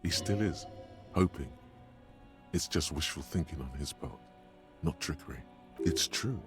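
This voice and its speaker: An actor playing a commanding inner-voice narrator in a video game, delivering authoritative judgments. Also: male voice, a bass voice, animated, measured pace, soft background music.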